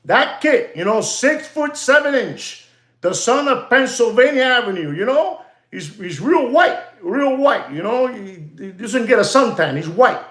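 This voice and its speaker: Excitable rambling man, roomy echo. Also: very high-pitched, unhurried. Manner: excitable, repetitive, addresses "ladies and gentlemen". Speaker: host of a watch market show. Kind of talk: rambling market commentary monologue.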